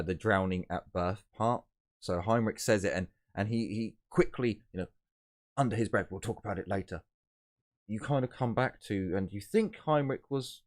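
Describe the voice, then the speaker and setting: Deep-voiced man running a tabletop game. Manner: halting, with many fillers and restarts. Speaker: game master.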